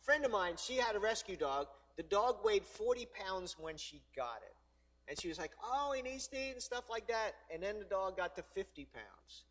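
High-voiced joking male preacher. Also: animated, normal speed, fairly bright tone. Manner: conversational and joking, with frequent 'all right?' tags. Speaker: pastor. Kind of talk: sermon.

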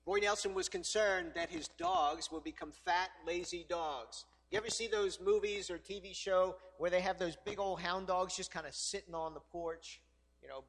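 A man preaching a sermon in a church in a high voice for a man. His delivery is conversational and teasing, with half-joking asides and frequent 'all right?' tags to the congregation. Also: expressive, normal speed, a bit bright. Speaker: pastor.

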